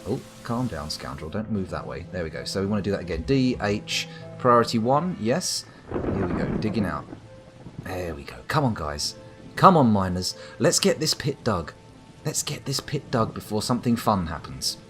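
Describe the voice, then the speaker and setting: A man with a lowish voice that swings widely up and down delivers dry, rambling commentary as he plays a game live. He keeps up an easygoing patter with viewers, full of wry asides, over faint music playing underneath. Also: very animated, moderate pace, a bit bright. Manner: wry, rambling, talks to chat. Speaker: streamer. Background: faint background music.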